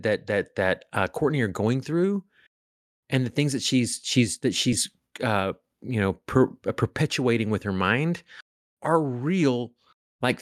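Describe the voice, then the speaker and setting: A man's voice: medium pitch, no room sound, clean studio sound. A man co-hosting a horror movie podcast, talking in a rambling, self-correcting way and laughing often. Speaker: podcast co-host. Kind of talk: casual chat.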